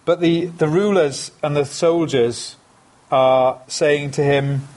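A man's voice: on the high side, fairly even intonation, a little slow, darkish tone. A man preaching a sermon, earnest and emphatic, repeating phrases for stress.

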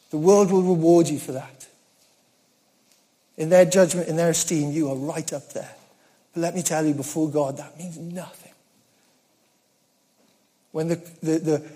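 A man preaching a sermon in an earnest, conversational way, with self-deprecating humor and swings from loud emphasis to hushed asides. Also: high voice.

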